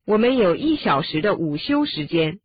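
A woman reads short lesson prompts with lively, rising and falling intonation. Her voice is distinctly husky and breathy. The recording is dry and muffled, like an old lo-fi lesson tape. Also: medium pitch, moderate pace, no echo. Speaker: lesson narrator giving Chinese prompts. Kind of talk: scripted lesson narration. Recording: dull, dry lo-fi studio recording.

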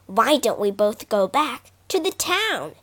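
Woman doing a sly little city mouse, coaxy, slow and high. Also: very animated, a bit bright, heavily acted. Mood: coaxing. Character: sly, stylish male town mouse.

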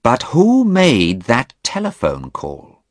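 A man voicing a careful, thoughtful lawyer in an audiobook, speaking slowly and questioningly. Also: medium pitch, wildly swooping pitch, dry recording, clean studio sound, voice pushed up, full character voice. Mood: determined. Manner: measured, questioning.

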